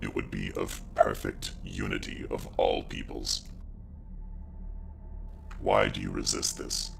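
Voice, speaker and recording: A man voicing a cold, calculating male robot overlord in a very deep, gravelly, whisper-like voice with a measured, lecturing manner. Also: steady tone, soft background music, exaggerated voice.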